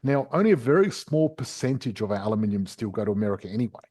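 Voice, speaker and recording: Podcast host, man, low husky voice, walks through a concept in casual talk. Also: lively intonation, rapid-fire, warm tone. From Australia. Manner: chatty, explains step by step with a drawing. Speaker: property investment podcast host.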